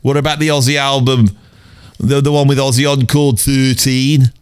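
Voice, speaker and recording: Lightly acted at medium pitch and normal speed, a man's clean, level voice portrays a grumpy middle-aged Brummie with a Birmingham accent. The comedic monologue rambles along, sprinkled with mild swearing like "bloody", in a dry, studio-quality recording.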